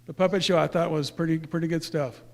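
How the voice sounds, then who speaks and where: A man's voice: on the high side, steady tone, fast talker, gravelly, darkish tone. A man speaking casually to a church congregation, presenting youth awards in a rambling way with fillers and self-corrections.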